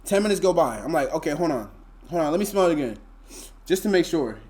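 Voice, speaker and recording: A man's voice: fairly high pitch, lively intonation, quick pace, a little mellow, a little hiss or hum. A young man, telling a story to his live chat in a laid-back, slangy, rambling way full of fillers. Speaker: streamer.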